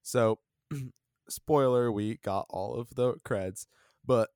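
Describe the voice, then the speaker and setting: A young man telling a story in a casual podcast chat, rambling and animated with lots of fillers, in a dry close recording. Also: medium pitch, clean tone, dry recording. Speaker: podcast co-host.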